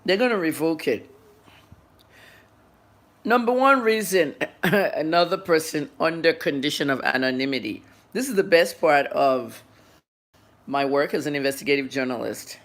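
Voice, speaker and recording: A woman's voice: low-pitched, expressive, moderate pace. A journalist in her fifties giving a livestreamed news update, blunt and scolding her viewers while she eats and talks. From Nigeria. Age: 50s.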